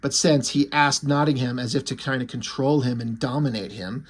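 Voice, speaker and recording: A man's voice: mid-range voice, fairly even intonation, moderate pace. A man casually recapping a comic book issue, rambling with fillers and swearing freely. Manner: rambling and profane, lots of fillers.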